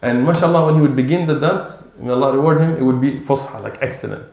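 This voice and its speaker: A man giving an Islamic lecture, telling stories in an animated way and acting out bits of dialogue. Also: mid-range voice, fast talker, vocal fry. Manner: animated storytelling with acted-out dialogue. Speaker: Islamic teacher. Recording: roomy echo.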